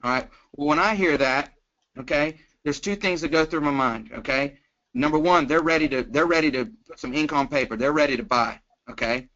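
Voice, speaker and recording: Forceful man coaching over the phone. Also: a little high, fairly quick. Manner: energetic, keeps checking in with "okay?". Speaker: insurance sales trainer. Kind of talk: sales coaching on a conference call. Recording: muffled conference-call phone line.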